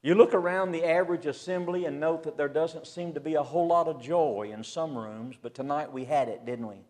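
A man preaching a sermon to a church assembly, swinging from loud emphasis to a hushed near-whisper. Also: fairly high pitch, normal speed, hardly any pauses.

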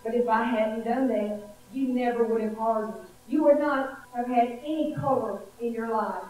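A woman voicing a calm, patient male potter who speaks quietly and gently. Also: fairly high pitch, moderate pace, natural voice. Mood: gentle. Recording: echoey hall from far off.

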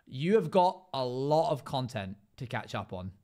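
Male streamer, smooth clear voice, casual gaming chat, filler-heavy list reading. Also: medium pitch, big pitch swings, moderate pace, mellow. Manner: rattles off long lists with many fillers.

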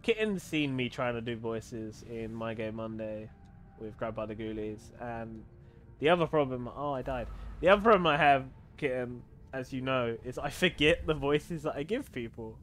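A man's voice: medium pitch, moderate pace, a bit bright, faint music behind. A man streaming a video game, chatting casually with viewers, swearing freely and laughing often. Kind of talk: casual gaming stream chat.

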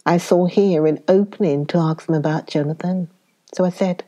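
A woman narrating a classic story in the first person for an audiobook, in a calm, measured reading. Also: fairly low pitch.

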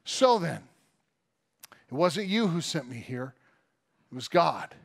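An earnest, forgiving ruler speaks in a raised, pleading voice, tearful yet warm toward his brothers, as a pastor acts him out in a sermon. The voice sits higher than plain talk. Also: very animated, slow pace, vocal fry, full character voice. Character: Joseph, adult male ruler, tearful and forgiving.

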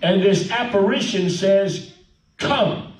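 A high-pitched man preaches a folksy, animated sermon, dropping in hallelujahs and amens. His voice rings through an echoey church sanctuary, picked up from a distance. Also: a little slow. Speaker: pastor.

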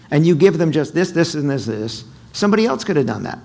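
Lively male seminar speaker. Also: fairly high pitch, quick pace, vocal fry. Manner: animated, asks the audience questions, acts out quotes. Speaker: keynote speaker. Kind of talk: sales seminar talk. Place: hotel conference room.

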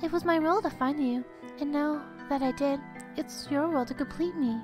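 A woman voicing an eerie girl who is the heroine's mirror self, who talks in a calm, insistent way and slips into breathy whispers. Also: high voice, fairly quick, music in the background, natural voice. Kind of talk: voicing game dialogue.

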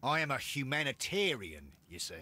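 A man's voice: medium pitch, big pitch swings, normal speed, bright, forceful tone, a little hiss or hum. An actor playing an indignant, pompous Victorian businessman and inventor in a game. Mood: self-important. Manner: pompous, easily outraged. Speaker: game character.

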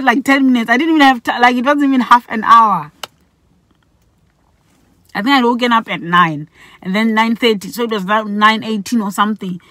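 A middle-aged woman from Botswana tells a personal story straight to camera in a casual vlog. Her voice sits a little high, and she is animated, slipping into the voices of the people she quotes. The sound is dry and close, with no room echo. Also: a little fast. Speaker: vlogger.

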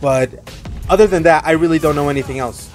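Excitable young man commentating gameplay. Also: fairly high pitch, quick pace. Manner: excitable, swears often, reacts loudly to kills and deaths. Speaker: gaming streamer. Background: game music and gunfire.

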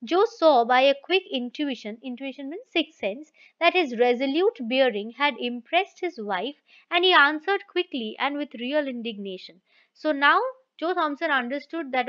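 A woman's voice: sits high, lively intonation, moderate pace, bright, forceful tone. A woman teacher reads a story aloud and stops often to restate each passage in simple words. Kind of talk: reading and explaining a story. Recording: dull lo-fi recording.

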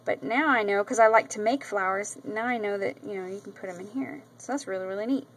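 A woman's voice: medium pitch, quick pace, slight background noise, poor audio. A woman vlogger chatting casually about craft mail she received, gushing often and filling her talk with ums and repeats. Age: adult with a daughter. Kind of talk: casual show-and-tell vlog. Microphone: camera mic.

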